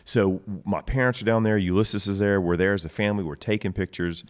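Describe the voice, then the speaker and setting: A man's voice: on the low side, steady tone, a little fast, clear, resonant tone. A middle-aged man, a winery co-owner, telling stories with enthusiasm in casual conversation, recorded outdoors. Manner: enthusiastic storyteller, acts out dialogue. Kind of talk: casual storytelling. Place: outdoors in a vineyard.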